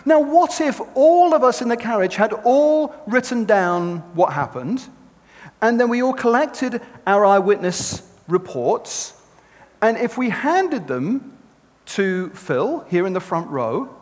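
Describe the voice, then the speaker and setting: Animated male speaker in a hall. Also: very high-pitched, takes it slowly. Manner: animated, conversational storytelling. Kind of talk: sermon with storytelling. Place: large hall with an audience. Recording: long reverb in a hall.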